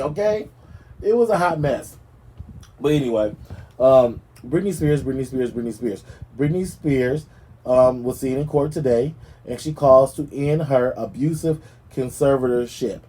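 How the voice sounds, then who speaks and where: A man hosting his own gossip show, telling stories in a sassy, animated way with dramatic asides. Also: medium pitch, unhurried, breathy edge. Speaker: podcast host. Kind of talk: casual gossip commentary.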